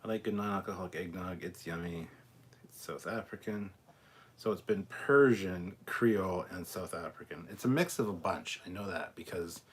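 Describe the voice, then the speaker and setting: A man's voice: deep voice, a bit bright, slight background noise. Blunt, swearing man ranting casually. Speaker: host reading live chat. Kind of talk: casual live-stream chat.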